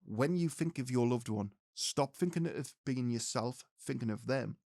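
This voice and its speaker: A man's voice: medium pitch, normal speed, gravelly, darkish tone, dry recording, studio quality. A man teaching mediumship, speaking earnestly and directly to his listeners. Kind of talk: spiritual teaching talk to viewers.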